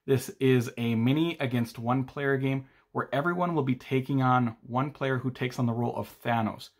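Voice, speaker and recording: A man narrates short board game reviews from a script, his voice sitting at an ordinary middle pitch. He reads in a steady, matter-of-fact way, like a channel host giving ratings.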